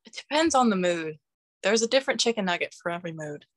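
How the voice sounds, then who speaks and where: A young woman guests on a podcast, chatting easily and giggling now and then. She speaks into a phone held close to her face, and her voice comes across dry, with no room echo. Her pitch sits in the middle for a woman. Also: lively intonation, fast talker. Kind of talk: casual podcast chat.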